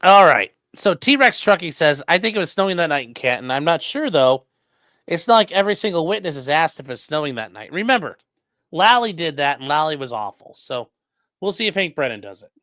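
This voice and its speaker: A man's voice: on the high side, very animated, brisk, bright, forceful tone, dry recording, studio quality. A man who is a defense attorney, casually commenting on a livestream and reading chat messages aloud in a loose, profane way.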